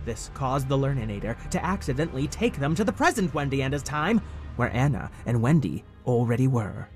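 A man narrating a children's story in a playful, animated way. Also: medium pitch, brisk, soft background music.

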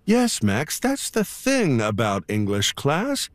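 A man's voice: mid-range voice, huge pitch swings, slow, dry recording. A man playing a quirky English teacher, theatrical and playful in an audio drama.

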